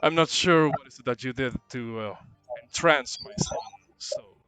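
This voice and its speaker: Guy doing a stern dad ruler, cold measured warnings, bright sharp tone. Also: medium pitch, smooth, natural voice. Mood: threatening. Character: stern older male ruler, protective father.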